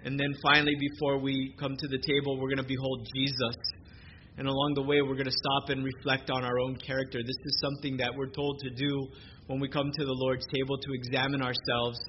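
A man preaching a sermon at a church service, reading scripture in a measured way and slowing down for emphasis. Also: mid-range voice, flat delivery. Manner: measured preaching, slows for emphasis, occasional fillers. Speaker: pastor. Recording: dull lo-fi recording with noise.

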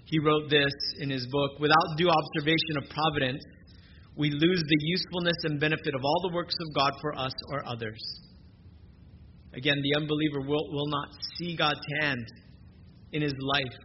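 Pastor, man, earnest sermon delivery, slightly high voice, dull noisy recording. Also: fairly even intonation, moderate pace. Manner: earnest preaching, swings between soft and emphatic.

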